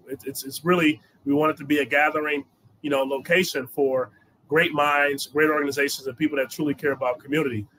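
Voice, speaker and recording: A man who co-founded a company answers interview questions in an earnest way, filling pauses with "you know". His voice is bright and forceful, with faint noise in the background. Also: a little high, low-quality recording. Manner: earnest, filler-heavy, says "you know" often.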